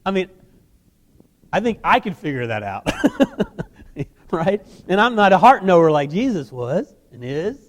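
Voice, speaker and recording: A man preaching a sermon, telling the story in an animated way with casual asides. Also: sits high, unhurried, long pauses, long reverb tail. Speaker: guest preacher.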